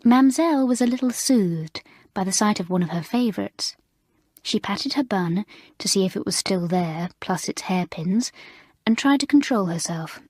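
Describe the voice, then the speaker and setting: Woman narrating a storybook, breathy tone. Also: medium pitch, dry recording, studio quality. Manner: expressive, measured. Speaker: audiobook reader.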